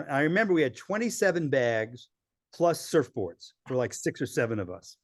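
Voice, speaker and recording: A man telling lively travel stories as a podcast guest, acting out the people he quotes. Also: a little high, moderate pace, no echo, studio quality. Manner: animated storyteller acting out quoted voices. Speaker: filmmaker guest. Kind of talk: storytelling in a podcast interview.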